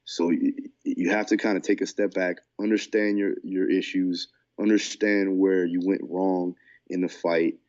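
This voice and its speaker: A man's voice: low voice, steady tone, a little slow, a little mellow, lo-fi sound. A man co-hosting a podcast as a fight coach, talking in a laid-back, casual way and often saying "man". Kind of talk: casual chat.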